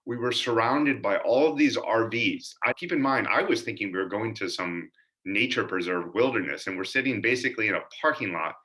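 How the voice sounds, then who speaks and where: A man tells stories from his childhood about his father, earnest and animated as he recalls each mishap. His voice sits a little low but has a bright, forceful edge. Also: fairly quick. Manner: earnest, animated storytelling with lively quoted voices. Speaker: son telling family stories. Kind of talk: personal storytelling narration.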